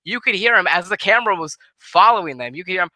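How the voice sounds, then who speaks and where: Tired, very bright-voiced man rambling. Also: high voice, expressive, fast talker, no echo. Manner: rambling, swearing, frequent restarts. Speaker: wrestling show reviewer. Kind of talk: casual spoken review.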